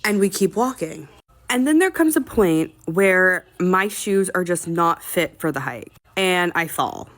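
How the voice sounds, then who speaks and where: A woman's voice: lowish voice, lively intonation, measured pace, a bit bright. A woman telling a personal story in a casual, exasperated and profane way, with dramatic comic complaining. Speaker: storytime vlogger.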